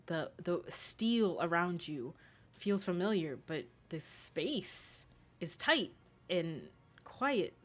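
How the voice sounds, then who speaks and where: A woman's voice: on the low side, animated, takes it slowly. A woman narrating as game master, describing scenes in a hesitant way with many fillers.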